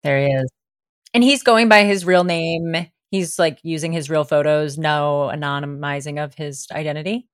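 A woman co-hosting a podcast who drops quick, witty remarks into a guest's story. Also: sits low, no room sound, studio quality. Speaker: podcast co-host. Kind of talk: casual podcast chat.

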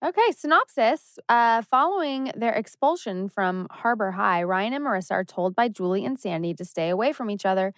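A woman's voice: medium pitch, lively intonation, no room sound. A woman co-hosting a podcast, playful in casual chat and reading a short synopsis aloud. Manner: playful, quick to laugh. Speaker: podcast co-host.

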